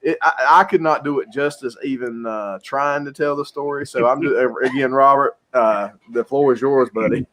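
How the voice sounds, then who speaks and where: A man hosting a chat podcast, talking in a halting way with many restarts. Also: medium pitch, a bit bright, slight background noise. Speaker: podcast host. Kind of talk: casual chat.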